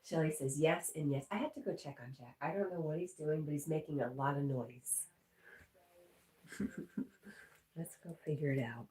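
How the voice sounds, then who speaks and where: Chatting with viewers on a home livestream, this woman talks at a normal speed but pauses often, her low voice carrying a darkish tone. She reads comments aloud and chats to her pet along the way. The mic is far off, leaving a roomy echo and faint noise indoors.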